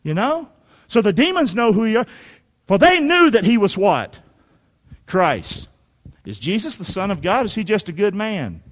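A male pastor, preaching an animated sermon that swings from shouts to quiet asides. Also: high voice, normal speed, long pauses, in a large hall.

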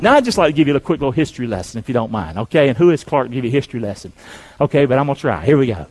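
A man's voice: medium pitch, sing-song, very fast, darkish tone, breathy edge, low-quality recording. A middle-aged male pastor preaching a sermon in a folksy way, often asking his congregation questions.

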